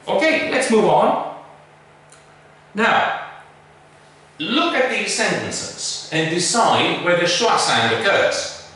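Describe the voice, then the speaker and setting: Slow, emphatic male pronunciation teacher. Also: high-pitched, lively intonation, sharp tone, distant mic, slight background noise. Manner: slow, emphatic, models words carefully. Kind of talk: English pronunciation lesson. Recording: echoey room, voice off-mic.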